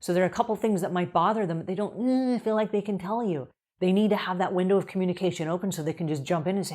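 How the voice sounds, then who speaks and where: A woman's voice: fairly low pitch, quick pace, hardly any pauses. A middle-aged woman coaching house cleaners in an upbeat advice video, acting out quoted conversations with customers. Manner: upbeat, acts out quoted dialogue in lively voices. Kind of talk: advice video talking to camera.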